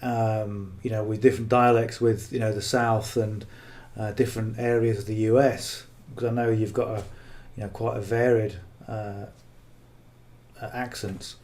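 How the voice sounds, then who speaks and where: A man's voice: fairly low pitch, flat delivery, moderate pace, a little mellow. A man coaching on marketing in casual, unscripted talk, blunt and earnest, who keeps checking in with "okay?".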